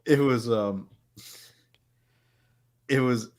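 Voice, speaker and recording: A man co-hosting a casual podcast chat, relaxed and often laughing as he talks. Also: medium pitch, drawn-out words. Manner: relaxed, laughs while talking. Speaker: podcast co-host.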